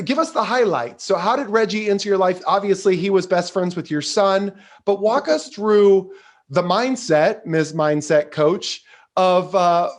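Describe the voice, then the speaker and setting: Guy hosting a podcast, voice on the higher side, praises a lot, lots of uhs. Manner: effusive, heavy on "uh" fillers. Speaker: podcast host. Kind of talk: podcast interview.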